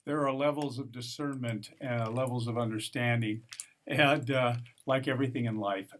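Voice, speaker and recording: A man co-hosting a spiritual talk radio show, speaking slowly and reflectively with small pauses. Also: mid-range voice, fairly even intonation, a bit bright. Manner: slow and musing, with uh pauses. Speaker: co-host.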